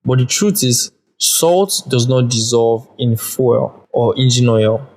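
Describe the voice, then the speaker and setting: A man's voice: medium pitch, slow, darkish tone. A man hosting a casual solo podcast, rambling and chatty as he explains things and tells stories. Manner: rambling storyteller, chatty with fillers. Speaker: podcast host.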